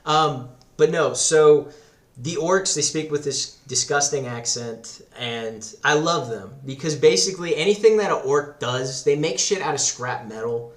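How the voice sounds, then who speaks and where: A man's voice: fairly high pitch, measured pace. A man chatting as a podcast guest, rambling and profane, laughing often. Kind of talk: casual chat. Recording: roomy echo.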